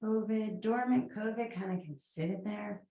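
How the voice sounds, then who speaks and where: A woman's voice: medium pitch, normal speed, dark tone, roomy sound, poor audio. A woman with a Boston accent teaching a guided yoga class, chatty, with rambling asides and fillers.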